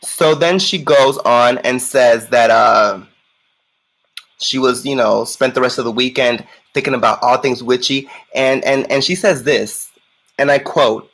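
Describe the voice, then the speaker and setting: A man's voice: mid-range voice, a little slow, fairly bright tone, rough recording. A man co-hosting a sassy reaction commentary, campy, profane and emphatic. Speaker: co-host.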